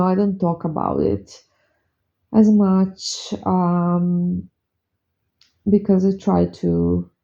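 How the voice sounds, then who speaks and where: Woman vlogger and witch, earnest and confiding, lowish voice with vocal fry, unhurried. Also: mellow, lo-fi sound. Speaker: witch and spell caster. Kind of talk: confiding vlog monologue.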